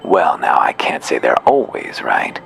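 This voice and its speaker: Man reads pushy merchant, folksy drawl, lively swings in the delivery. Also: a bass voice, a little slow, vocal fry, in a whisper, full character voice. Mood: evasive. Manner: salesman patter, drawling folksy slang. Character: folksy fast-talking male mushroom merchant, pushy.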